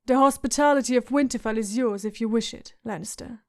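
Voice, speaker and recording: A woman's voice: a little high, brisk, darkish tone, no echo, clean studio sound, natural voice. A woman voicing a wary teenage lord who speaks in a guarded, awkward way. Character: wary young lord, teenage boy, stiff.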